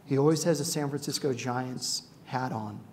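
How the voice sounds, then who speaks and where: A middle-aged man giving a ceremony speech, telling animated stories with frequent "uh" fillers and acting out the quotes. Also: medium pitch, moderate pace, a little hiss or hum. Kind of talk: storytelling speech to an audience.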